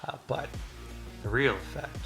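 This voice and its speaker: A confident male rebel commander briefs his troops in a brisk, folksy tone, as a man voices him. There is some gravel in his voice, and music plays underneath. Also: mid-range voice. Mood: commanding. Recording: music playing behind.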